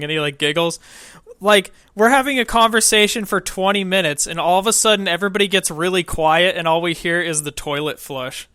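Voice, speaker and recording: A young man co-hosting a gaming podcast, telling a profane, animated story in casual chat. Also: high-pitched, brisk, clear, resonant tone, no room sound, clean studio sound. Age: young adult. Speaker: podcast co-host.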